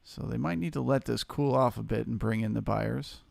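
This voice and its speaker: A man with a gravelly voice hosts a live trading stream, mixing casual market commentary with shout-outs to viewers in the chat. He speaks at an ordinary pitch, close to the mic in a dry room. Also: normal speed, dry recording. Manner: casual, reads chat aloud and thanks viewers. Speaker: livestream trading host.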